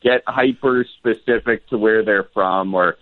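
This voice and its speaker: A man's voice: lowish voice, a little slow, a little hiss or hum. Jokey man on a tinny phone line. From Wisconsin. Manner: jokey, animated storytelling. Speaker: comedian and author guest. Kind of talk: casual interview chat.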